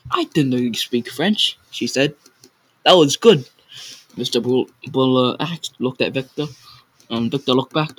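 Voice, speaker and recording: A man reads a story aloud in a loose, unpolished way. His voice is bright and forceful. He stumbles on hard words and corrects himself as he goes. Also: medium pitch, normal speed, poor audio. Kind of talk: casual read-aloud of a story.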